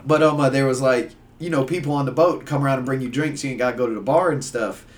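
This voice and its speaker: A man telling rambling, animated stories in casual chat, full of fillers. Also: mid-range voice, fast talker, recorded from a distance. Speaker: guest. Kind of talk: casual storytelling.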